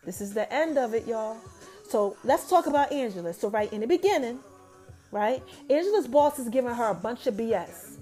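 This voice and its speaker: High-voiced woman recapping a TV episode. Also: moderate pace, soft background music. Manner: animated storytelling, talking straight to viewers. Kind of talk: casual TV recap.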